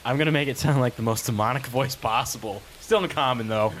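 A man's voice: mid-range voice, a bit bright, slight background noise. A man playing a tabletop game, joking and swearing his way through casual banter. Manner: profane, quick and joking. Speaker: player.

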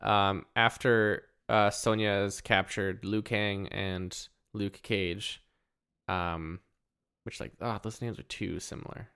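A man's voice: lowish voice, steady tone, takes it slowly, sharp tone, clean tone. A man co-hosting a podcast, laid-back and wry, mostly agreeing in short replies about a movie. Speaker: podcast co-host. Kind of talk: casual movie review chat.

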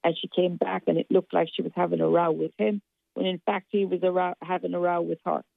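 A woman's voice: on the low side, level tone, fast, gravelly, no room sound, phone-quality sound. A woman speaking bluntly as a radio contributor. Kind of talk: casual radio chat.

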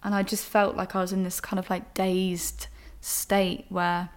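With a lowish, level voice and a slightly slow delivery, a young podcast host opens up about her own life. Her monologue is frank and emotional, with some casual cursing.

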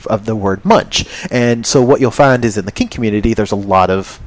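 A man's voice: fairly low pitch, a little fast. Rambling, jokey male podcast host. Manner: rambling, jokey, many ums. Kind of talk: casual chat.

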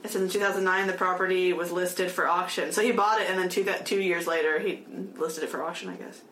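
A woman's voice: fairly low pitch, fairly even intonation, quick pace, fairly bright tone. A young woman co-hosting a casual chat, rambling with lots of fillers and frequent laughter. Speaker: podcast co-host. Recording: echoey room with faint noise.

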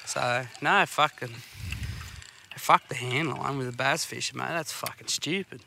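An Australian man hosts a fishing podcast from a boat on a river, bluntly swearing his way through rambling stories in casual banter while fishing. His mid-range voice is a little slow, pushed and bright, with vocal fry. Portable gear on the boat records it outdoors, leaving a little hiss or hum.

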